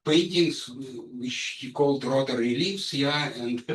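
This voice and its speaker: A man's voice: mid-range voice, unhurried, a little hiss or hum. A man giving an academic conference lecture, speaking hesitantly with frequent fillers and restarts. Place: lecture hall. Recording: echoey hall, mic far off.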